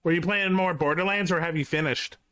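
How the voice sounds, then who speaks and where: A man's voice: fairly high pitch, brisk, pushed and bright. A young man hosting a reaction live stream, chatting casually and rambling with restarts. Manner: rambling, with frequent restarts and filler.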